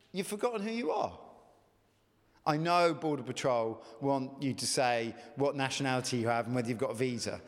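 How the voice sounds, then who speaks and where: A man delivers a sermon in an earnest, conversational way, pressing his listeners with question after question. His voice sits high and swings widely up and down. The sound carries a long reverb, like a church hall. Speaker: pastor.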